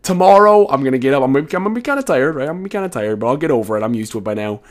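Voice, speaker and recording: A man's voice: medium pitch, lively intonation, very fast. A teenage boy talking casually to his viewers late at night, rambling and frank, swearing now and then, a bit tired. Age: teens. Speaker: video creator. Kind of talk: casual solo commentary.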